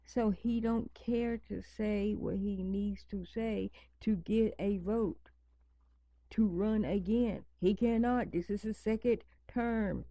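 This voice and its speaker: Woman, casual home vlog, unhurried, gravelly, dark tone, repeats herself. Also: medium pitch, steady tone, no echo. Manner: rambling, repeats herself for emphasis. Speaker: vlogger. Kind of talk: casual chat to camera. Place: home at night, near pets.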